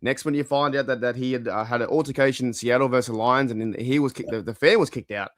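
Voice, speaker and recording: A man's voice: mid-range voice, fast, dry recording, clean studio sound. A man, co-hosting a podcast in casual chat, rambling through stories and swearing casually. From Australia. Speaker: podcast co-host.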